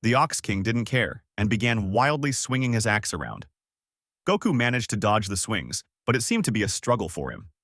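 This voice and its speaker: A man narrating a fan story and voicing all of its characters in an animated way. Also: fairly low pitch, normal speed, no room sound, studio quality. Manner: animated, jumps between character voices.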